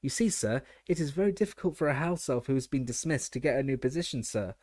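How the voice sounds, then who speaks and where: A man voicing an excitable male house elf who squeaks and calls himself by name in a storybook reading. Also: fast, no echo, clean studio sound, lightly acted. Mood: eager. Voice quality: squeaky, shrill. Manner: speaks of himself in third person, keeps saying sir.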